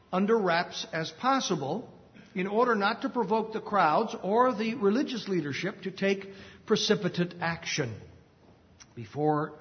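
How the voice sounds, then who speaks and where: Man teaching scripture in a reverberant hall. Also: on the high side. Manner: measured, explanatory, with occasional "uh" fillers. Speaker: preacher. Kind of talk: expository Bible teaching. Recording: long reverb, dull lo-fi sound.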